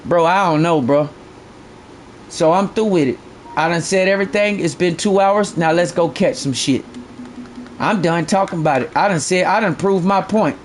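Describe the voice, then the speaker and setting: A man's voice: high-pitched, moderate pace, a little hiss or hum. A man streaming a fishing game live, ranting bluntly and profanely to his chat and repeating his points.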